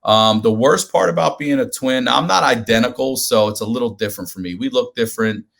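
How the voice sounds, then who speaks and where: A man telling a comedic story as a podcast guest, animated and profane, acting out the people in it. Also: mid-range voice, brisk, vocal fry. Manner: animated, profane, acts out quoted voices.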